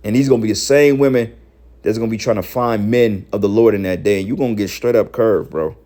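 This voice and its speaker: Fast-talking and fairly low-pitched, this man preaches online from the street in a profane, scolding way, citing scripture as he berates his audience and builds to shouting.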